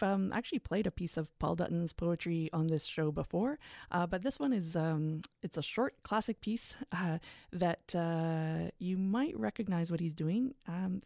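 Low gravelly woman radio host. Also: dry recording, clean studio sound. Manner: conversational, relaxed, with frequent hesitations. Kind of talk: casual radio presenting.

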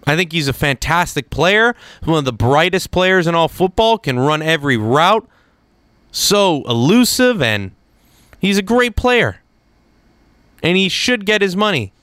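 A young man giving opinionated solo sports talk, animated, jumping into quick impressions of other people. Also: smooth, no echo. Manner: animated, mimics people in quick asides, lively pitch swings. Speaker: sports commentator.

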